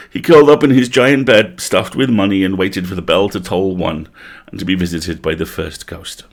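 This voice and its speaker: A man's voice: sits low, moderate pace. A man reading a comic parody story aloud on a live stream, playful, stopping now and then to laugh and comment.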